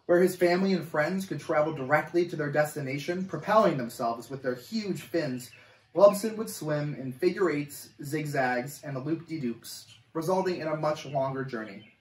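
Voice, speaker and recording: A man reading a children's storybook aloud in an animated, expressive way. His voice sits a bit higher than most men's. The sound is roomy and echoey, caught from some distance from the mic. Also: moderate pace. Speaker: camp coordinator reading a story.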